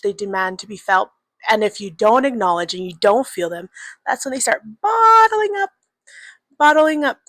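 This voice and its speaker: Candid young woman, high dry voice. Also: a bit bright, no echo. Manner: candid, lots of swearing and filler likes. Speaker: podcast host. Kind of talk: casual personal monologue.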